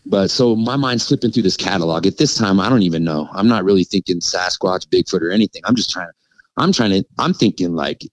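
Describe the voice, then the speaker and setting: A man's voice: sits low, no room sound, rough recording. A man telling a podcast host about an encounter in a casual, rambling way, full of fillers and restarts. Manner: rambling and halting, full of "like" and "you know". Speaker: podcast guest recounting an encounter. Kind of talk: casual storytelling.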